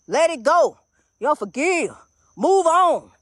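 A woman's voice: high-pitched, sing-song, slow pace, fairly bright tone, dry recording, studio quality. An older woman minister preaching fervently, repeating herself and calling her listeners honey. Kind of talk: inspirational preaching monologue.

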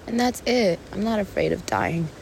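A woman's voice: mid-range voice, vocal fry, a little hiss or hum. A woman hosting a podcast, speaking an earnest, meandering monologue while on a mushroom trip, with sighs and the odd swear word. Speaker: podcast host. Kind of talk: spoken reflective monologue.

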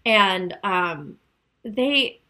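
Woman co-host, chatty and giggly, bright and forceful voice, video-call podcast. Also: mid-range voice, expressive, very slow. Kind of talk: casual chat.

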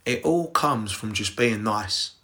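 A man's voice: fairly low pitch, expressive, slow pace, bright, forceful tone. A young English man telling personal stories in a casual, rambling way, swearing freely and talking straight to his listeners. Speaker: podcast host.

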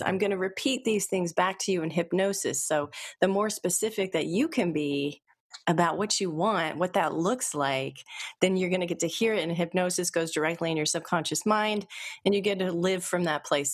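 A woman hypnotherapist leading a live online group session, chatting gently with viewers and then guiding a slow, soothing hypnosis induction. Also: lowish voice, slightly rough. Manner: gentle, conversational, reads chat comments aloud.

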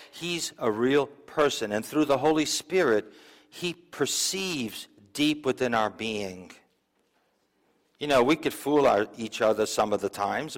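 A male pastor preaching a sermon in a church, talking conversationally with asides and questions to the congregation. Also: mid-range voice. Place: church sanctuary. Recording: long reverb of a church hall.

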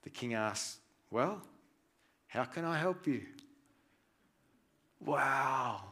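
A man preaching a sermon, reading scripture aloud and swinging between hushed and loud, animated delivery. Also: medium pitch, drawn-out words, slightly rough. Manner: reads scripture aloud with feeling.

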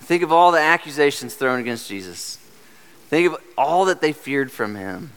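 A man's voice: on the high side, animated, normal speed, a bit bright, smooth. A man preaching a sermon as pastor, earnest and direct, asking the congregation rhetorical questions. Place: church sanctuary. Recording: long hall reverb.

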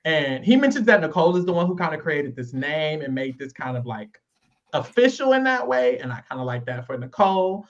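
Man, casual recap chat, lively swooping pitch, dull lo-fi recording. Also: brisk. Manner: animated, acts out quotes in voices. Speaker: co-host recapping a reality show. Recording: dull lo-fi sound.

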